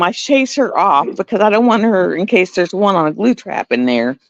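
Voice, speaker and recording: Animated, gravelly woman. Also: medium pitch, dry recording. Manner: animated storytelling with laughs. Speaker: livestream host. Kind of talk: casual chat. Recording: dull lo-fi dry sound.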